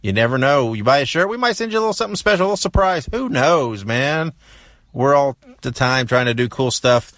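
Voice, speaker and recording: A man hosting a podcast, wrapping up with quick thank-yous and promotion. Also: mid-range voice, animated, fairly bright tone, dry recording. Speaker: podcast host. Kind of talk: upbeat podcast outro.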